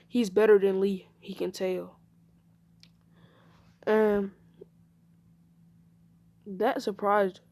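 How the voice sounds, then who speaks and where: A woman's voice: medium pitch, vocal fry, warm tone. A woman improvising a fan-made anime story, rambling and correcting herself as she goes.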